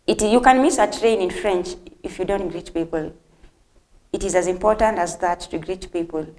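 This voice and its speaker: A woman hosting a televised language lesson, speaking directly to the viewers and repeating phrases slowly for learners. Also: fairly low pitch, darkish tone. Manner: friendly, addresses viewers directly. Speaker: host and French teacher.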